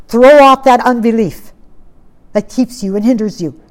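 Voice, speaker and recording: A woman preaching a sermon with impassioned, emphatic exhortation, swinging from loud declarations to hushed low asides. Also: normal speed.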